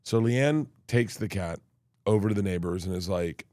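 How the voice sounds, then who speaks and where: A comedian talking as a guest in a casual chat, telling stories in a rambling way with many restarts. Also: male voice, deep voice, moderate pace, warm tone, dry recording, studio quality. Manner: rambling storyteller, restarts often.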